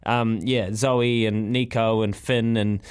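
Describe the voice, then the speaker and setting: A man's voice: lowish voice, little pitch movement, slow, smooth. New Zealand male breakfast host, enthusiastic, rambling delivery. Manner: enthusiastic, chatty, restarts phrases. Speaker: radio host. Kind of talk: breakfast radio talk.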